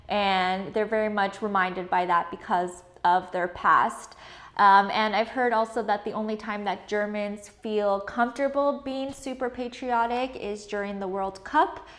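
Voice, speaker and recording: A woman from Canada, talking casually to camera in a chatty, filler-heavy way. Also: mid-range voice. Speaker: vlogger.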